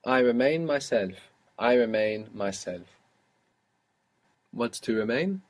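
A man's voice: medium pitch, lively intonation, slow. A patient male teacher leads a student through a spoken language lesson. He asks short questions, waits for answers and praises each one before moving on. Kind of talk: guided audio language lesson.

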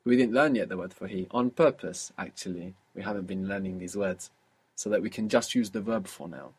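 Male language teacher, slightly husky, patient, quizzes a learner and repeats answers back. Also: sits low, a little fast. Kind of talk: guided spoken lesson.

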